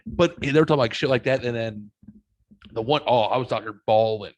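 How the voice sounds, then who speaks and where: A man's voice: mid-range voice, a little fast, dry recording. A man hosting a podcast, telling stories in casual chat and swearing freely. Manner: animated storytelling, swears freely. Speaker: podcast host.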